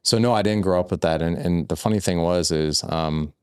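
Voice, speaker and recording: A man appears as a guest on a podcast, a fatherhood coach telling a personal story in loose, candid talk full of "like" and "I was like." His voice is low, darkish, and clean, fairly quick, recorded in a clean studio with no room sound.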